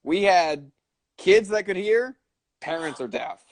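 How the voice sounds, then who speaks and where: A man hosting a podcast, chatting casually with frequent swearing and quick asides. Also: high-pitched, expressive. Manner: profane, quick asides, lots of filler. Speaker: podcast host. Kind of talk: casual chat.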